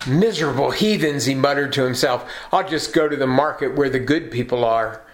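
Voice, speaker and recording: A man's voice: mid-range voice, brisk, echoey room, close to an everyday voice. A man doing a proud, cross donkey. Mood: haughty, cross. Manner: cross, self-important shouting. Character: proud indignant male donkey, puffed up.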